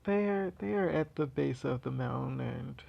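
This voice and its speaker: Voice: mid-range voice, expressive, a little slow, vocal fry, lo-fi sound. A storyteller casually retelling a fan story, rambling with many fillers and restarts.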